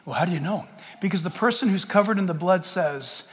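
Male pastor, high and animated, jokey yet fervent preaching; reverberant church sanctuary. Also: a little fast. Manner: impassioned, jokey, rhetorical questions. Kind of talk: sermon. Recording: long church hall reverb.

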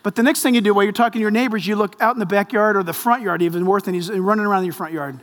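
A man in his fifties, a pastor preaching a sermon with lively storytelling and jokes. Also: high-pitched, racing. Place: large church hall. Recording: long hall reverb.

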